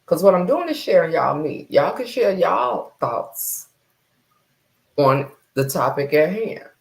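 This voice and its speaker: Brief: woman live-streaming host, lowish voice, loose and chatty, greets viewers, repeats phrases. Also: big pitch swings, takes it slowly, gravelly. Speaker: livestream host. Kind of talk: casual livestream chat.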